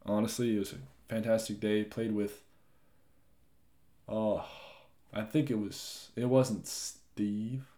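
A young man hosting his own podcast, chatting loosely and rambling, with frequent swearing and lively asides. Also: on the low side, slow, pauses often. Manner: rambling, profane, animated asides. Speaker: podcast host. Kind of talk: casual solo podcast chat.

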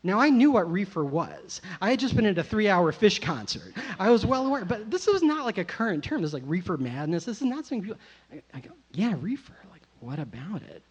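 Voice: mid-range voice, sing-song, fast, slightly rough. An adult storyteller telling a personal tale, rambling and self-mocking, full of "you know" and "like". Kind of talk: live first-person storytelling. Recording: muffled lo-fi recording.

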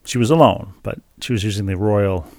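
Low gravelly man, dry wry storyteller. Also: fairly quick, darkish tone, no echo. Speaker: podcast co-host. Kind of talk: casual chat.

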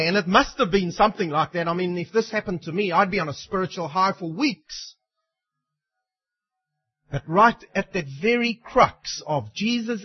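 Man, sermon, emphatic preacher, high voice, dull lo-fi sound. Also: husky. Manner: emphatic, acts out quoted tempter lines.

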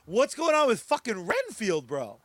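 A man's voice: sits high, huge pitch swings, moderate pace, a bit bright, no echo. A man co-hosting a comedy podcast, rambling and self-deprecating, laughing easily. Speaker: podcast co-host. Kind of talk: casual comedic banter.

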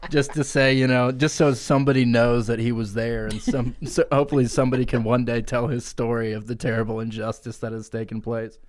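A man co-hosting a comedy podcast, telling a crude absurd story and breaking into squeaky character noises. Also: little pitch movement, a little fast. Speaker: podcast co-host. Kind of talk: improvised comic storytelling.

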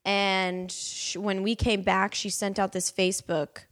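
A young woman, a podcast guest and actress, chatting and telling animated stories. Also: mid-range voice, a little slow. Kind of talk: casual chat.

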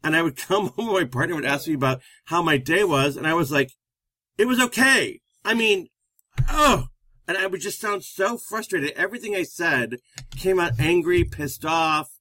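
Male co-host, slightly high voice, emphatic advice-giver, dry close sound. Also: fairly quick, no room sound. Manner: animated, emphatic storytelling. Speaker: relationship counselor co-host. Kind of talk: casual advice chat.

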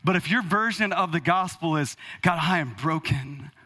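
A man in his thirties preaching a sermon from the pulpit, animated and rhetorical, calling out to the congregation. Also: on the high side, normal speed. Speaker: pastor. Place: church hall. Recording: long hall reverb.

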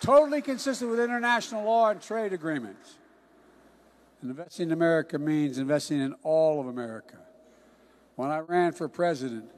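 An older man giving a political speech in a folksy, emphatic way, often dropping into hushed asides. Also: fairly high pitch. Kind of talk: political campaign-style speech.

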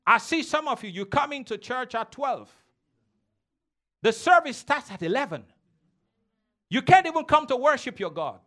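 A man's voice: very high-pitched, sing-song, moderate pace, pauses often, bright, forceful tone. A man preaching a sermon as a pastor, emphatic and teasing, calling on the congregation to respond.

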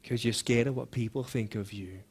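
A man giving a motivational speech to a school audience, impassioned, firing rhetorical questions and swinging between loud urging and hushed intensity. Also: medium pitch, steady tone, brisk, husky. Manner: direct rhetorical questions to listeners. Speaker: motivational speaker.

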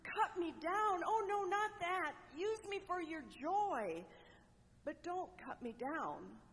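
A woman voicing a gentle, devoted male bamboo plant in a parable who pleads in a trembling way. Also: sits high, slow, big-room sound. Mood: pleading devotion. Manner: pleading, trembling, then resolved.

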